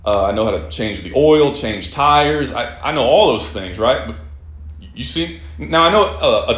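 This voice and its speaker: Exasperated rambling man, roomy echo. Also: mid-range voice. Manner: exasperated, rambling, swears often, with frequent restarts. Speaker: vlogger telling a personal story. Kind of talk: casual storytelling monologue.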